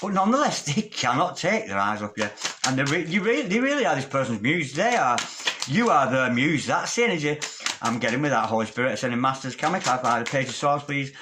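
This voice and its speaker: A man's voice: medium pitch, very animated, quick pace, background noise. A man giving a tarot reading in a theatrical, sing-song manner, calling the listener darling. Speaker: tarot reader.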